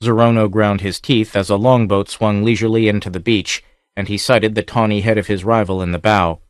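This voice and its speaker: Low-voiced male audiobook narrator. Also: fairly even intonation, brisk, no echo, clean studio sound. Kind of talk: scripted narration.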